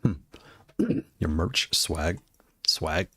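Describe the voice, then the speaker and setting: A man's voice: sits low, animated, drawn-out words, pushed and bright, slightly rough. A man casually talking through gaming controller prices, rambling and repeating himself with frequent laughs. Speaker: gaming hardware streamer. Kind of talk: casual product commentary.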